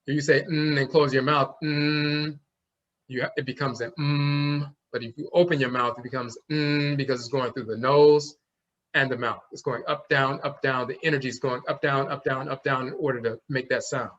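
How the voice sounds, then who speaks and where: A man teaches a class at a steady, mid-pitched level, walking through one symbol after another. He often stops to voice the sounds himself. The recording is dull and lo-fi. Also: fairly quick. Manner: explanatory, demonstrates sounds aloud. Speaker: language teacher. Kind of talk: classroom lecture.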